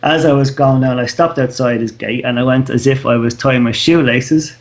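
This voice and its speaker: A man's voice: medium pitch, moderate pace. An Irish man in his thirties, co-hosting a podcast in casual chat, telling a loose, slangy story and swearing freely. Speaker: podcast co-host.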